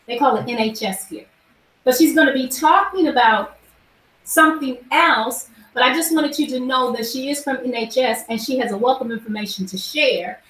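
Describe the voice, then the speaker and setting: An American woman hosting a live wellness event, animated and leading the audience through a repeated phrase. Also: high voice. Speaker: event host. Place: large echoey event room. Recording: echoey room, voice from afar.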